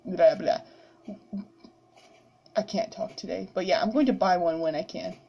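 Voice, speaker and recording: A woman's voice: on the low side, brisk, creaky, dark tone, muffled recording. A woman chatting casually while playing a game, giggling, yawning and talking to the characters on screen. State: sleepy, yawning. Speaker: gamer. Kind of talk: casual gameplay commentary.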